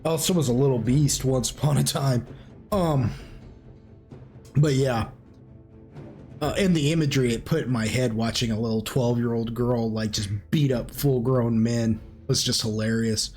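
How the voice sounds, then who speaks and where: A man's voice: mid-range voice, normal speed, soft background music. A man running a tabletop game as game master, telling stories in a loose, rambling way and laughing often. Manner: animated, rambling storyteller who laughs often.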